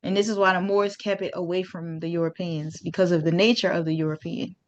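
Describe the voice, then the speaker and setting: A woman's voice: on the low side, fairly even intonation, a little fast. Woman talking history to her viewers, casual and chatty, kinda muffled lo-fi audio. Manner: informal, chatty, with slang and restarts. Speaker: host.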